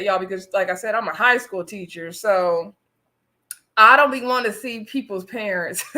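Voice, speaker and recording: Bright-voiced chatty woman recapping TV. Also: medium pitch. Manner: chatty, sassy, addresses viewers as y'all. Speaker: host reviewing a reality show. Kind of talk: casual live recap chat.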